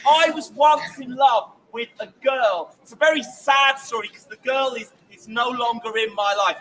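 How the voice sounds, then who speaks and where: A man performing as a poet on a city street, playful and exuberant, often shouting to draw the crowd into call-and-response. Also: very high-pitched, normal speed, few pauses. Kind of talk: street performance poetry with audience participation. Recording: distant mic, crowd and street noise.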